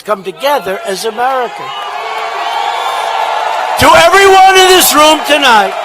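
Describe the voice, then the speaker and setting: A man giving a campaign rally speech in a large indoor hall, shouting with emphatic, repetitive phrasing into a podium microphone. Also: extremely high pitch, a little hiss or hum. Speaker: politician at a rally.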